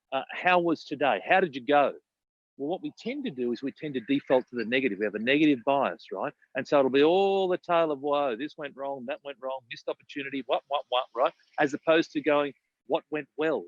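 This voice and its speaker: A man's voice: mid-range voice, no room sound, lo-fi sound. A man, a business coach talking emphatically in casual podcast chat, often repeating himself and asking "right?".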